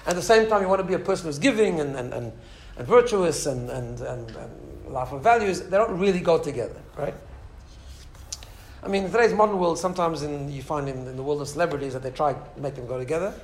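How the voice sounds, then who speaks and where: Rabbi giving an informal class, quick and animated, voice pitched a little high, a small live audience in the room. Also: male voice, a little hiss or hum. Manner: animated storyteller, many restarts and asides. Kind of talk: informal Torah class talk.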